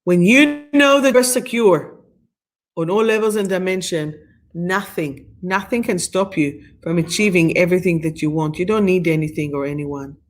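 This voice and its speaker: A woman's voice: fairly low pitch, moderate pace. A middle-aged woman from Israel, guest-hosting a live stream where she leads a meditation and reads oracle cards in a soothing, affirming way with slightly phrasing. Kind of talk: live-streamed guided meditation and card reading.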